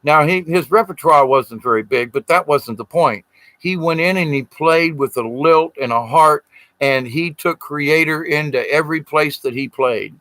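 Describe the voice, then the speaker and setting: A middle-aged man tells a long personal story in a rambling, earnest way. His voice sits a little high and sounds bright and forward. The recording is dry and close. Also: moderate pace, no echo, poor audio. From Southern United States. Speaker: spiritual storyteller. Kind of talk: casual storytelling.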